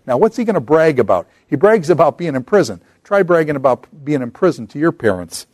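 A middle-aged man giving an informal Bible lecture, talking conversationally and slowing down to read scripture aloud. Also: fairly high pitch, big pitch swings, darkish tone, no echo. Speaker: Bible teacher.

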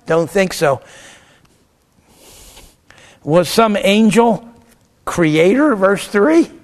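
A man lectures a class on theology, pitched noticeably high for a man. He argues both sides of a question aloud, firing off rhetorical questions and snapping back short answers. His delivery stays animated and emphatic.

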